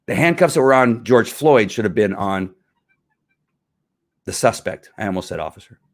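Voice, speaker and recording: A man's voice: fairly low pitch, animated, moderate pace. A middle-aged man, a former police officer, hosting his own show and talking casually in a frustrated, emphatic rant. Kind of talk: casual livestream commentary.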